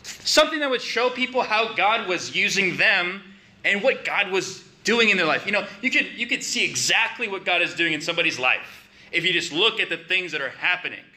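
Bright-voiced man preaching a sermon. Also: high voice, lively intonation, fairly quick. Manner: conversational, rising to emphatic questions.

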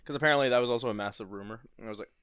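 A man's voice: medium pitch, racing, fairly bright tone, clean tone. Young man telling stories among friends. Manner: storytelling with laughs and swearing. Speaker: friend chatting. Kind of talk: casual chat.

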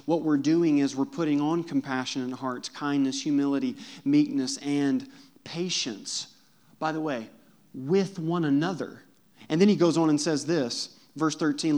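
A man's voice: a little high, a little mellow. Emphatic preacher, a man with a raised voice. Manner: emphatic, asks the congregation direct questions. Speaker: pastor. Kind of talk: sermon. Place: church.

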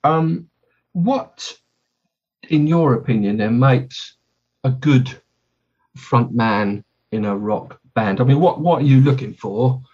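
A man's voice: mid-range voice, slow, darkish tone, breathy edge, lo-fi sound. Chatty, rambling male podcast host. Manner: rambling, self-correcting, chatty. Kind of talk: casual chat.

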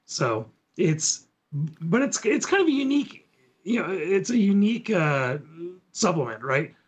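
A man's voice: sits high, very animated, unhurried, breathy edge. A man co-hosting a podcast, casually walking listeners through gaming material in an easygoing way. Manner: easygoing, walks through steps. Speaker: podcast co-host. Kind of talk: casual tabletop gaming chat.

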